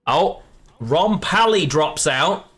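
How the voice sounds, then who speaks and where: A man's voice: fairly high pitch, lively intonation, slow pace, a bit bright, breathy edge. Chatty man streaming a card game. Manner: chatty, self-correcting, greets viewers. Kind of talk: live game commentary to chat.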